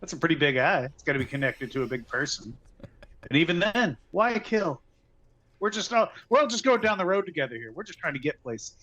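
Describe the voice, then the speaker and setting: Higher-pitched male player, bright and pushy, fast persuasive banter. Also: very animated, rough recording. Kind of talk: playing a tabletop game.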